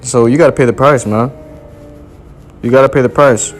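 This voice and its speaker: Forceful man preaching over faint music. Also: mid-range voice, steady tone, moderate pace. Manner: forceful, repetitive, slangy preaching. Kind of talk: street-style sermon reading scripture.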